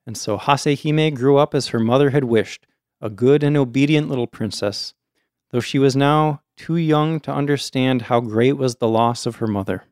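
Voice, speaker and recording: A man's voice: medium pitch, normal speed, no room sound, clean studio sound. A man hosting a casual show, reading a folktale aloud and breaking off for chatty asides to his co-host. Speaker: storyteller host.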